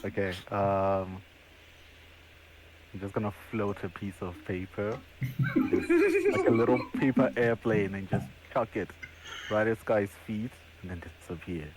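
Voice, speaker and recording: A man playing a tabletop game, laid-back and quick to laugh. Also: on the low side, steady tone, background noise. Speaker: player.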